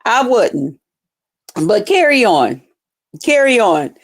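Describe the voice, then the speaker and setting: A woman's voice: on the high side, big pitch swings, slow pace. A woman hosting a livestream, ranting heatedly and profanely while talking straight to her viewers. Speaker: livestream host. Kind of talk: casual livestream rant.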